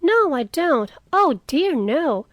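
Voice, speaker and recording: A woman's voice: high-pitched, big pitch swings, slow, no room sound, muffled recording, voice pushed up, heavily acted. A woman reading as a frank, spirited young woman. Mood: earnest. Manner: earnest, outspoken, scolding. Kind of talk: audiobook character reading.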